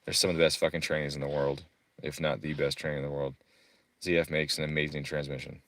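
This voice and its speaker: Low-voiced profane man ranting. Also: little pitch movement, a bit bright, no echo. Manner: profane, quick to rant. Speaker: car tuner and streamer. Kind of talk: casual profane screen walkthrough.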